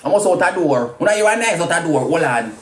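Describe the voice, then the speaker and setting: A woman's voice: fairly low pitch, animated, fast talker, background noise. Jamaican woman cussing someone out on a live, voice jumps all over, roomy echo. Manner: loud crude cussing, sing-song taunts. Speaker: social media personality. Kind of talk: insulting live video rant.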